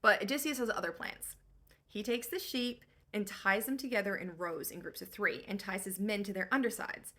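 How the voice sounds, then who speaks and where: A woman's voice: mid-range voice, normal speed, sharp tone. A young woman giving a comedic book recap in a breezy, slangy, irreverent way.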